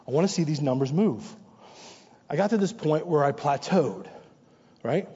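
A man's voice: a little high, expressive, moderate pace, mellow, breathy edge. A male pastor preaching a sermon in a conversational, anecdotal way, repeating short exhortations for emphasis. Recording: long reverb, dull muffled sound.

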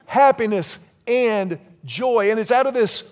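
High-voiced preacher in his fifties. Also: unhurried. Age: 50s. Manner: lively, humorous storytelling. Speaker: pastor. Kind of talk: sermon.

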